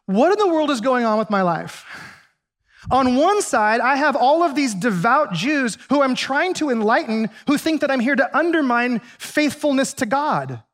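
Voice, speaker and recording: High-voiced male pastor preaching. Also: moderate pace, few pauses. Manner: conversational, animated storytelling with acted asides. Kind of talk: sermon.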